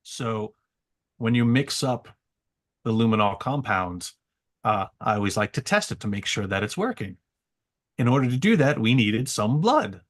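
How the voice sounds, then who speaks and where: A man on a podcast, telling a story with excitable energy and frequent stammering repeats. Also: medium pitch, normal speed. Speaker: guest. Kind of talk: animated storytelling.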